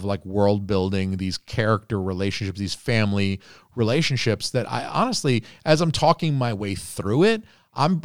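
A man co-hosting a podcast, chatting casually about a movie in an animated, rambling way, acting out quotes in a higher voice. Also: no room sound, studio quality. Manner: rambling with restarts and profanity. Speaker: podcast co-host. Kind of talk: casual movie review chat.

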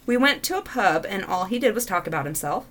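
A woman's voice: medium pitch, a little fast. A woman co-host reading dating stories aloud and reacting with laughter. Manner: expressive, laughs often.

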